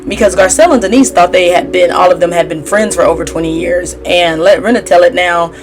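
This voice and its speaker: A woman's voice: fairly low pitch, brisk, music in the background. A woman giving a casual, sassy gossip recap as a tarot reader, chatty and opinionated. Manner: chatty and sassy, mimics cast members in a raised voice.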